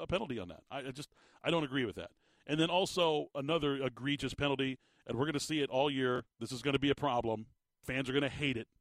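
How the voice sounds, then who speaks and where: A man hosting sports talk radio, animated and emphatic, often repeating his words as he gets worked up. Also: mid-range voice, dry recording. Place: radio studio. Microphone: studio microphone.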